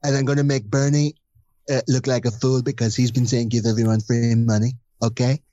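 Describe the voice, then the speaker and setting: A man's voice: medium pitch, flat delivery, a little fast, warm tone, dry recording, highs cut off, close to an everyday voice. A man putting on the voice of a brash, boastful male politician who brags and trades childish insults. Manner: bragging, repetitive, childish insults.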